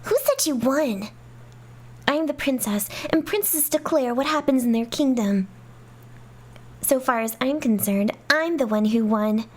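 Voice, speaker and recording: A woman voicing a haughty, possessive young princess in a fan dub of game dialogue, commanding and prone to shrill outbursts. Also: a little slow, darkish tone. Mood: imperious.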